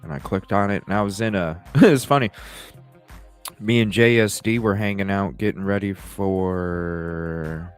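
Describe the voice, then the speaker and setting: Casual male stream host with a lowish voice, rambling and cursing, faint music in the background. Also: measured pace, smooth. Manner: rambling, swears freely, laughs often. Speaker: live stream talk show host. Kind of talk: casual live-stream chat.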